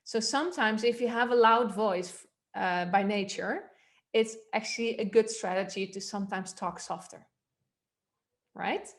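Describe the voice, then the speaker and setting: Female voice coach, mid pitch, casual explanatory delivery with ums and uhs. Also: measured pace. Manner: relaxed, explanatory, with fillers. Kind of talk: teaching a voice workshop.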